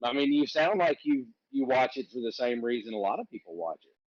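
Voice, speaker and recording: A man with an Alabama Southern accent jokes and teases his way through a relaxed livestream chat. His pitch rises and falls a lot, and the sound is dry but dull and lo-fi, like call audio. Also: a little fast, dry recording. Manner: joking, teasing banter. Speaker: livestream host. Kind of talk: casual chat.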